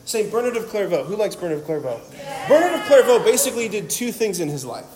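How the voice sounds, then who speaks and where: A man with a notably high voice delivers an animated, humorous talk on faith to a live audience. He keeps it conversational and keeps checking in with his listeners. The sound rings out with the long reverb of a large hall. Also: fast talker, a crowd in the background. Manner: energetic, joking, conversational, full of "right?". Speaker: Catholic speaker.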